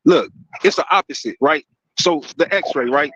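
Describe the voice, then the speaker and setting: A man's voice: a little high, expressive, normal speed, a bit bright, dull audio, a little hiss or hum. A man in a heated casual debate, slangy and emphatic, calling others bro.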